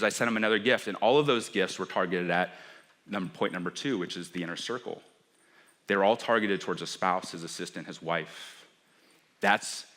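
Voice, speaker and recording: A man giving a storytelling keynote on a conference stage, animated and acting out the dialogue of the people in his story. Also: lowish voice. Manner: animated, acts out dialogue with quoted voices. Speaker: keynote speaker.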